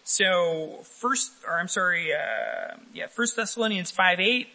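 A man with a fairly high, bright, forceful voice preaches a sermon to his congregation. He talks with them directly, asking questions and calling for raised hands. He is a pastor speaking in a church. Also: expressive, slow, gravelly, few pauses, poor audio.

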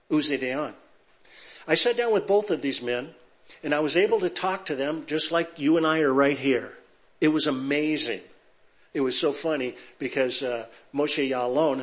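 A middle-aged man from Southern California, a pastor telling jokes and stories to his congregation. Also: mid-range voice. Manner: lively storyteller, joking with the audience. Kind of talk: sermon with humorous anecdotes.

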